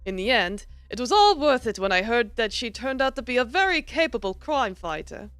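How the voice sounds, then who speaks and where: A woman's voice: a little high, very animated, normal speed, fairly bright tone, clear, resonant tone, no echo, faint music behind. A woman voicing a polished older male criminology professor with a put-on mock British accent, formal and long-winded, as she reads a visual novel aloud. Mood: reflective.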